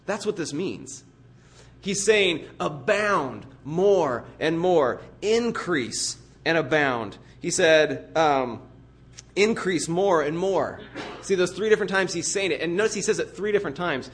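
A man with a somewhat high voice preaches to his church. He speaks in an earnest, emphatic way and builds vivid everyday pictures to make his point. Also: lively intonation, a little slow, fairly bright tone. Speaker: pastor. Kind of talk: sermon.

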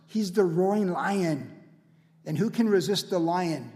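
A man with a high, bright voice preaches with emphatic energy, building his lines through repeated phrases. His voice carries a long reverb, as if it were spoken in a large hall. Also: unhurried. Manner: animated, emphatic preaching with repetition. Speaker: pastor. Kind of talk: sermon.

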